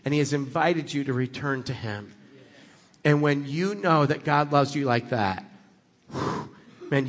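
A man's voice: mid-range voice, long reverb tail. A middle-aged man preaching as a guest speaker, conversational and building to emphatic passages. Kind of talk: sermon.

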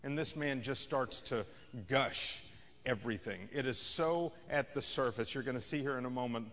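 In a church sanctuary with a long reverb tail, a man with a mid-range, fairly bright voice preaches a sermon as a pastor at normal speed. His style is conversational, rising and falling in intensity.

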